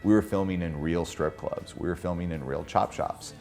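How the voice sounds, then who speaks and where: Deep-voiced reflective filmmaker. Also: male voice, moderate pace, vocal fry, a little mellow. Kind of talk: documentary interview.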